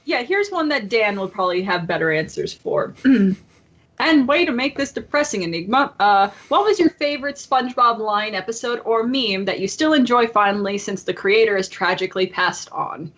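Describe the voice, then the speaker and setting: A woman's voice: medium pitch, normal speed. A young woman hosting a casual podcast chat, telling stories with lots of laughter and quoted voices. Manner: giggly, animated storytelling with quoted voices. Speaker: podcast host.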